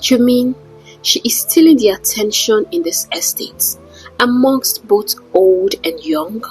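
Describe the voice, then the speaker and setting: A woman's voice: a little high, slow, a little mellow, husky, soft background music, full character voice, poor audio. A woman voicing a vain, jealous rich woman who snaps and boasts in a storybook tale. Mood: angry, snapping. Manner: snappish, demanding, boastful.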